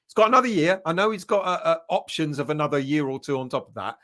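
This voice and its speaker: Bloke rambling on a fan stream, slightly high voice, greeting folks in chat. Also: male voice, lively intonation, fast talker, a bit bright. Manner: rambling, chatty, greets viewers by name. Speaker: fan channel host. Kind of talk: casual livestream chat.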